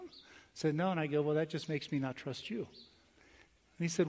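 A male pastor telling a story in a conversational sermon, with quick asides and slow, emphatic phrases. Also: medium pitch, steady tone. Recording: long hall reverb.

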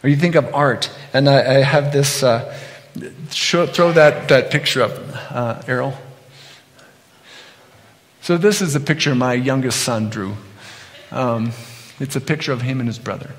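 A man's voice: mid-range voice, a little slow, long pauses. Man preaching in a reverberant hall. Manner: conversational, animated storytelling with acted-out quotes. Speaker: pastor. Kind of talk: sermon.

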